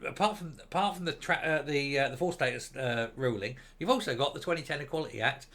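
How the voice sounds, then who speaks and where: A man's voice: a little high, bright, forceful tone. A man giving opinionated, sarcastic commentary on a news article in a ranting manner. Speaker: commentary vlogger.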